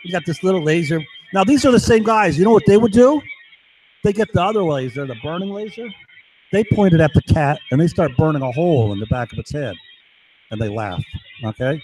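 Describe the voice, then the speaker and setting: A man's voice: a little high, animated, brisk, darkish tone, a little hiss or hum, poor audio. A man delivering an agitated, rambling monologue to his camera, constantly asking "right?". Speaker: vlogger.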